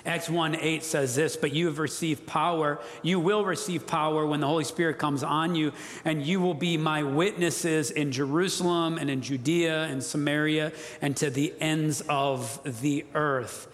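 A pastor preaches in earnest, pressing his points and having the room repeat key phrases. His voice sits fairly high for a man. The sound rings out with the long reverb of a church hall. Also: steady tone, normal speed, hardly any pauses. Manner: earnest, emphatic, leads congregation call-and-response. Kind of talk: sermon. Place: church sanctuary.

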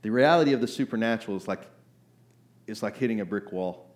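A man preaching a sermon in a conversational way, acting out voices and asking "right?" often, climbing to loud emphatic bursts. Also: on the low side, fast talker. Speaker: pastor.

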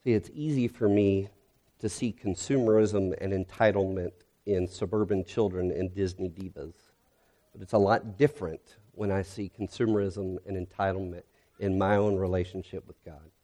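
Low-voiced, mellow male pastor preaching. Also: steady tone, normal speed. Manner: earnest, reflective preaching that drops soft on heavy moments. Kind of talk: sermon.

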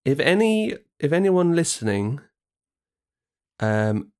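A man co-hosting a podcast in casual chat, chatty and quick to agree, often restarting his sentences. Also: a little high, big pitch swings, a little mellow, smooth. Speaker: podcast co-host.

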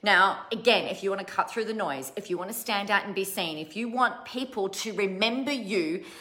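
A business coach in her thirties gives her online audience a chatty, blunt motivational talk, swearing casually and laughing at herself in a self-deprecating way. Her mid-range voice is a bit bright, at normal speed.

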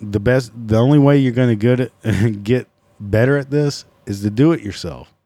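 A man's voice: medium pitch, moderate pace, dark tone, dry recording. A man hosting a casual solo podcast, swearing freely, sarcastic and mocking himself. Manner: profane, sarcastic, self-mocking. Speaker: podcast host.

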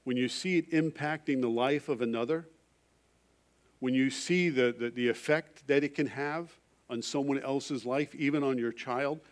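In a medium-pitched voice at normal speed, a middle-aged male pastor shares a personal story from the pulpit. His delivery swings from loud emphasis down to a hushed, confessional tone.

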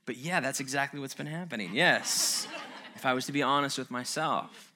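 A man's voice: medium pitch, moderate pace, sharp tone. Earnest man giving a relationship talk. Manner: earnest, conversational, self-mocking asides. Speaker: speaker on relationships. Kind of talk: informal motivational talk.

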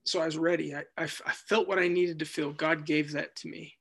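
Gravelly man telling his story. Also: fairly high pitch, fairly even intonation, a bit bright. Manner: earnest, halting, with many restarts. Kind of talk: personal testimony.

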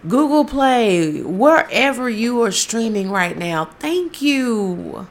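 A woman's voice: on the high side, lively intonation, takes it slowly, slight background noise. A woman hosting a podcast in a casual monologue, profane, effusive and often laughing. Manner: loud, profane, laughs often, gushing to listeners. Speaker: podcast host.

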